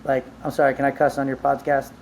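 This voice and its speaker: A man being interviewed, telling his life story in a casual, animated way, with lots of "like" fillers and casual swearing. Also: mid-range voice, quick pace, creaky, a little hiss or hum. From Southern California. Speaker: entrepreneur guest.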